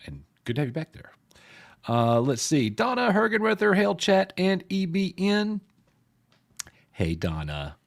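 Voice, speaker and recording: A man hosting a casual live stream with a rough, hoarse voice, greeting viewers by name in a chummy way. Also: medium pitch. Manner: lively, chummy, reads chat names aloud.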